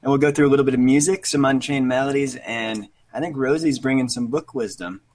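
A man's voice: medium pitch, fairly quick, darkish tone. Easygoing chatty man in his thirties. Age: 30s. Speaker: podcast host. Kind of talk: casual chat.

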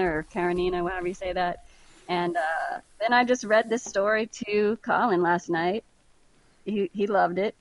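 A woman's voice: medium pitch, low-quality recording. Woman reading aloud on a podcast. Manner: friendly, laughs easily. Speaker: podcast guest, host's sister. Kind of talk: casual chat and reading aloud.

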